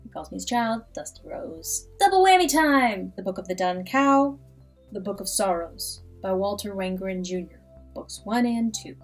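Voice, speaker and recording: A woman's voice: medium pitch, normal speed, soft background music. A young adult woman who hosts a reading channel, talking in a casual ad-libbed way with plenty of enthusiasm. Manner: enthusiastic, animated. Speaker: audiobook reader and channel host.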